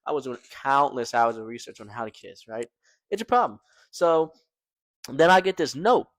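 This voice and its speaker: Young male storytelling vlogger, animated slangy delivery, dry close sound. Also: mid-range voice, moderate pace, no room sound. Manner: slangy, animated, fillers like "man" and "right?". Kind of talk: casual storytelling to camera.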